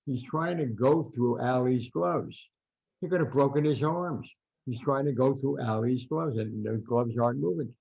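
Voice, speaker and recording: A man's voice: medium pitch, normal speed, creaky, darkish tone, husky, highs cut off. An older American man, a veteran writer, telling rambling anecdotes as a podcast guest, with an American accent. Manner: rambling anecdotal storyteller, frequent restarts. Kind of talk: storytelling interview.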